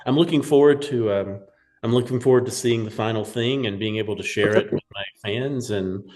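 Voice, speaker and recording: A man from New Mexico, a guest in a casual interview, soft-spoken and reflective. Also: medium pitch, fairly quick. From New Mexico, USA.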